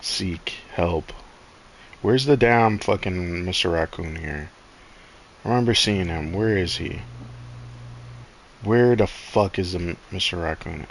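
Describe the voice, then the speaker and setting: Young guy mumbling while he plays, really deep voice, bit of hiss under it. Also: takes it slowly, long pauses. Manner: low-key, muttering to himself while playing. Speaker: streamer playing a game. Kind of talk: casual chat while gaming.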